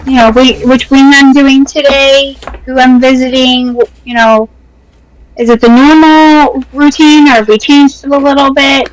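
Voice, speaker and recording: A woman's voice: high voice, fairly even intonation, unhurried, faint music behind, low-quality recording. A woman playing her character in a tabletop game, sweet and eager, stammering at times. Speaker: player.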